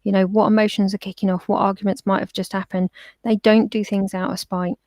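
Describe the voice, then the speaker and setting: A chatty woman tells animated stories and slips into quoted voices as she goes. Her voice has a gravelly, creaky texture. The sound is dry and close, as if she is talking over a call. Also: medium pitch, fairly quick, no room sound. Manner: chatty, storytelling, acts out quotes. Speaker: pet therapist guest. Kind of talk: casual interview chat.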